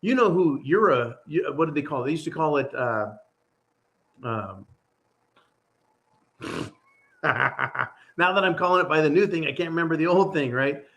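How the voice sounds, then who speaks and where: A man's voice: fairly high pitch, animated, moderate pace, vocal fry, long pauses, a bit bright. A man hosting his own channel, talking through a casual, rambling monologue in an exasperated, sarcastic way. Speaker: channel host.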